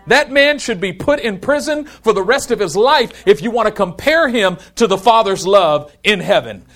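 A man preaching a sermon in an emphatic style. He slows down to dwell on scripture and climbs higher and louder through lists of words.

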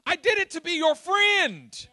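A man voicing an exasperated, misunderstood biblical leader, Moses, pleading and rising to a shout. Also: very high voice, lively intonation, a little slow, dry recording, clean studio sound, voice pushed up, exaggerated voice. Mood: pleading, indignant.

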